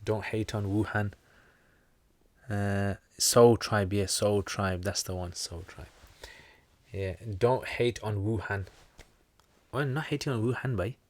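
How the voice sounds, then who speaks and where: British man, lowish voice, dry close sound, chatty livestream teacher, reads questions aloud. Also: slow, long pauses, dry recording. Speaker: Islamic teacher answering viewer questions. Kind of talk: casual livestream Q&A.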